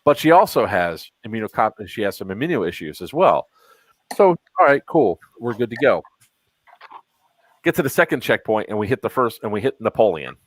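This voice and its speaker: A man's voice: fairly low pitch, sing-song, fairly quick, no echo, poor audio. A man in his thirties hosting a podcast, telling a story in an exasperated, casual way and acting out both sides of the dialogue. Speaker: podcast host. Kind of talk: casual chat.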